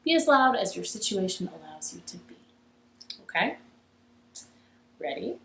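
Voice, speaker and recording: A woman's voice: medium pitch, big pitch swings, a little slow, fairly bright tone, reverberant, a little hiss or hum, rough recording. A young woman hosting a children's library storytime from her living room, cheerful and encouraging, leading songs and games. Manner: cheerful, encouraging, sing-song.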